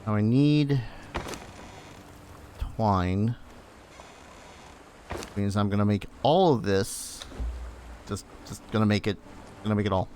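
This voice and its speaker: A man's voice: on the low side, animated, slow pace, long pauses, a little mellow, slight background noise. A man streaming a game, giving casual commentary and muttering to himself with self-teasing remarks.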